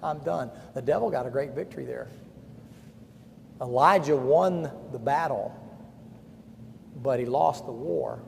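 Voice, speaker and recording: A man preaching a camp-meeting sermon in a blunt, folksy way, swinging between hushed and loud delivery. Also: mid-range voice, a little slow, creaky, long pauses. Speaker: pastor. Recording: long hall reverb, faint background noise.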